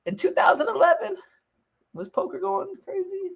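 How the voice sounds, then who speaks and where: A man's voice: very high-pitched, sing-song, moderate pace, vocal fry, a bit bright. A man hosting a fantasy football watch party, talking casually, profanely and jokingly with a friend.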